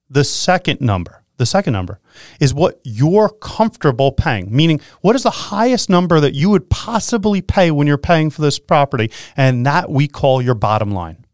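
A man hosting a real estate radio show, talking in an energetic, animated way and laughing easily. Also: fairly high pitch, moderate pace, no room sound, clean studio sound. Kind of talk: excited casual radio talk.

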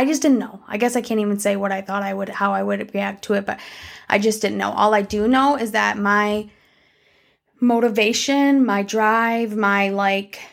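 A young woman talks straight to her viewers in a loose, candid monologue, dotted with "like" and "um" and the occasional curse. Her voice sits at a middle pitch, and a gravelly fry runs through it. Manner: candid and conversational, with frequent "like" and "um" and some swearing. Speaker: vlogger. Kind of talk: casual personal life-update monologue.

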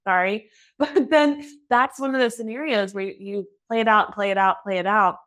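A candid, chatty woman in her thirties hosts a relaxed podcast conversation. She laughs easily and slips into little voiced snippets of her own worried thoughts, keeping an everyday, mid-range pitch. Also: moderate pace. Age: 30s. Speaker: podcast host. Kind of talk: casual interview chat.

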